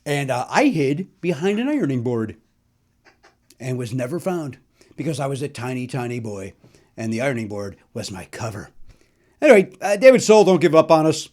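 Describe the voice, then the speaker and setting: A man's voice: medium pitch, very animated, normal speed, darkish tone. A middle-aged man from Chicago, a comedian hosting a podcast, telling joking stories about old records in a chatty, self-deprecating way. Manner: chatty, self-deprecating, sings snatches of songs. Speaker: podcast host.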